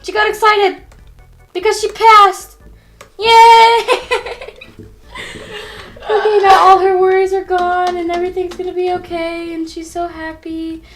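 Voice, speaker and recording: A woman's voice: very high-pitched, level tone, moderate pace, a bit bright, soft background music, low-quality recording. A young woman playfully narrating an improvised story, often breaking into giggles. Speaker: co-host storyteller.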